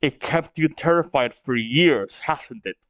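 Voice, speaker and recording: A man's voice: a little high, measured pace, fairly bright tone, no room sound. A man reading the lines of a defiant, taunting male pirate captain, in a dull lo-fi recording.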